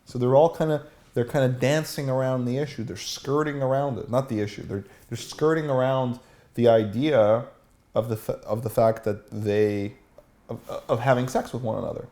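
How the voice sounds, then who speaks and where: A man's voice: medium pitch, steady tone, moderate pace, mellow. A man teaching a seminar as a dating coach, asking the room questions and acting out example lines.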